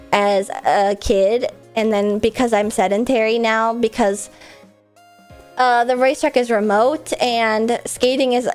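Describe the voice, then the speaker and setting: A woman streamer chatting casually with a stuffy, congested nose, rambling and laughing often. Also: on the high side. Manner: rambling, filler-heavy, frequent laughs.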